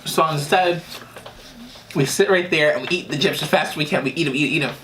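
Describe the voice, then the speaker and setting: A man from New Jersey telling childhood stories in a casual mukbang vlog, often laughing and pausing to eat and drink. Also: on the high side, bright, forceful tone, a little hiss or hum. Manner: chatty, laughs often, eating while talking. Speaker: vlogger. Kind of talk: casual storytelling during a mukbang.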